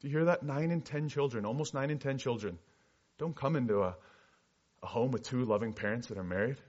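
A man preaches a personal testimony as a missionary, earnest and storytelling. His voice is mid-pitched and swings between lively and hushed passages. The recording sounds dull and lo-fi. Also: brisk. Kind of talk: sermon testimony.

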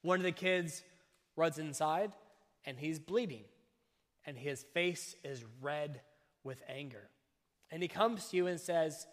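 A somewhat high-voiced male pastor delivers a sermon in slow, weighted phrases, pausing between each point for emphasis. His voice rings through a church hall with a long, lingering reverb.

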